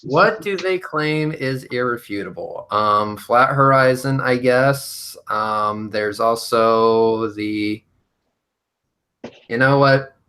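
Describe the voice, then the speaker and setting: A man's voice: mid-range voice, takes it slowly, pushed and bright. A man chatting casually in a group, profane and exasperated as he bickers over claims. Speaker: panel participant debunking claims.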